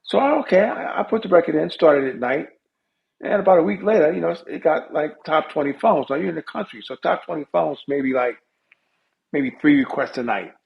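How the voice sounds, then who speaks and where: A middle-aged man, a music industry guest, telling stories in a casual interview with lively asides. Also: fairly high pitch, a little fast, gravelly. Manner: animated storyteller with lively asides. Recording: dull lo-fi audio.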